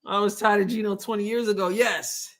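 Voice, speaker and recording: A middle-aged woman hosts a casual live stream, laughing often while chatting with viewers and singing playful call-and-response prayer lines. Her medium-pitched, slightly bright voice is a little fast with fairly even intonation.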